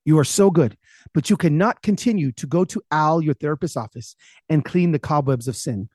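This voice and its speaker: A man voicing his wise old immigrant father, speaking slowly and calmly. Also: fairly high pitch, dry recording, clean studio sound, close to an everyday voice. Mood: earnest.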